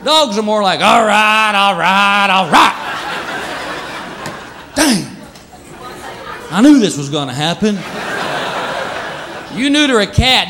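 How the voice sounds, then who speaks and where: A middle-aged male stand-up comedian telling stories in a wry, animated, conversational way before a live audience. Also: high voice, noisy background. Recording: live show with loud crowd laughter.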